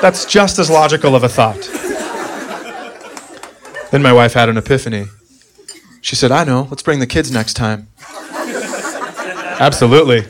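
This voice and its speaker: A man's voice: mid-range voice, normal speed, long pauses, a crowd in the background. Exasperated male stand-up comedian, live stage. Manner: exasperated, animated storytelling with voiced quotes. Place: stage before a laughing audience. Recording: live club recording with clear ambient noise.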